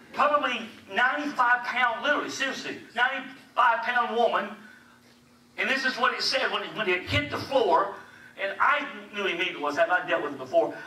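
Brief: high, bright-toned male preacher, animated storyteller, recorded from a distance in an echoey hall. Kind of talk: sermon. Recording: echoey hall, distant mic, faint hiss.

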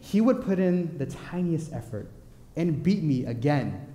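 In an echoey church hall with long reverb, a young man preaches a sermon in a slightly high voice. His storytelling is playful and animated, dotted with quick asides to the congregation in the sanctuary.

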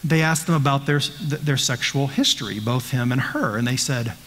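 A man's voice: mid-range voice, normal speed, fairly bright tone. Earnest man teaching in a reverberant church. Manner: earnest, rhetorical questions, frequent restarts. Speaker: pastor. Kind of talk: conversational Bible study teaching.

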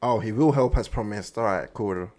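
A man hosting an anime reaction video, talking in an excitable, slangy way straight to his viewers. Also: on the low side, moderate pace. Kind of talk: casual reaction commentary.

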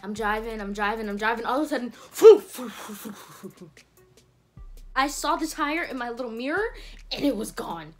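Teen girl rambling through a storytime vlog, lots of likes and laughs, soft music under it. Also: a little high, animated, measured pace. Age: teens. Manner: chatty, fills every phrase with "like", laughs often. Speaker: vlogger. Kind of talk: casual storytime.

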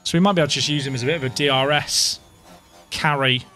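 A young man giving live, excitable commentary to his viewers while playing a game, dramatic and self-mocking. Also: fairly high pitch, fast, faint music behind. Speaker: game streamer.

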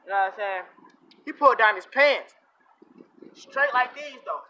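A young man vlogger telling a comic story in heavy slang, animated and full of repeated catchphrases. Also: very high voice, normal speed, long pauses, rough recording.

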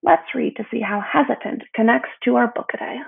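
Woman teacher, read-aloud lesson, slightly high voice, deliberate pronunciation, tinny phone-like sound. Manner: slow, clearly pronounced teacher talk.

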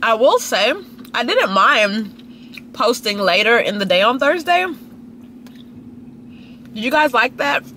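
Filming herself at a restaurant, a young Dallas, Texas lifestyle vlogger gossips casually while people watching. She speaks slowly and pauses often, her pushed, bright voice making big, swooping pitch swings over slight background noise.

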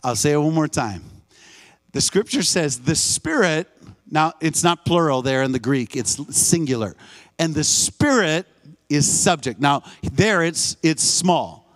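Male guest preacher, higher pitch, emphatic live sermon in a church. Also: lively intonation, measured pace. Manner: emphatic, call-and-response, repeats phrases. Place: church sanctuary.

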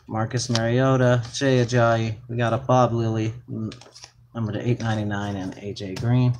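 A young man hosting a live card break, excitedly calling out cards to his viewers. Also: medium pitch, moderate pace, very noisy. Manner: excited, hyped-up, talks to viewers as "guys" and "man".

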